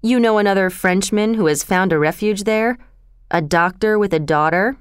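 A woman voicing a cruel, cold aristocratic marquis in a storybook reading, with a smooth, dry voice. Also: mid-range voice, moderate pace, no room sound, natural voice. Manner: cold, dismissive.

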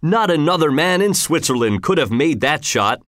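A man voicing a hearty village blacksmith with a booming, proud delivery. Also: big pitch swings, normal speed, fairly bright tone, dry recording, studio quality.

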